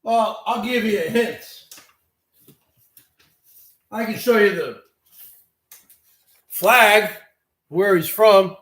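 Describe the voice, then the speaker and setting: Man in his forties hosting a stream rant, sarcastic, high bright voice, unhurried. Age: 40s. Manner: sarcastic, emphatic, repeats himself. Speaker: show host. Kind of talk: casual livestream rant.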